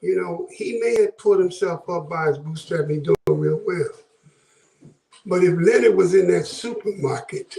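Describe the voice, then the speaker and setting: This talk-show caller from Buffalo, New York speaks with a fairly high, creaky voice and a darkish tone. His commentary is passionate and preacher-like, with his voice frequently rising. The audio is reverberant and recorded from afar.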